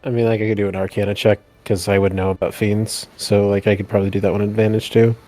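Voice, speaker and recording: A man's voice: on the low side, flat delivery, fast talker, mellow. A man playing a character in a casual online tabletop game, speaking hesitantly and apologetically. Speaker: player. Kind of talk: casual tabletop role-play.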